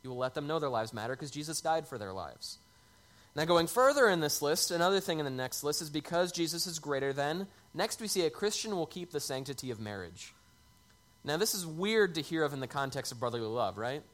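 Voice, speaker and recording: A man's voice: a little high, lively intonation, brisk, fairly bright tone. A man preaching a sermon in a conversational way, lifting his voice on key words. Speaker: pastor.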